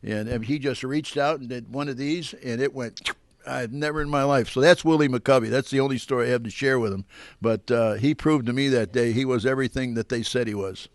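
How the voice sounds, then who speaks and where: An older man, a former pitcher, telling rambling baseball anecdotes at a live question-and-answer event, speaking into a handheld mic with fillers and restarts. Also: a little fast, distant mic. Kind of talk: storytelling at a live Q&A.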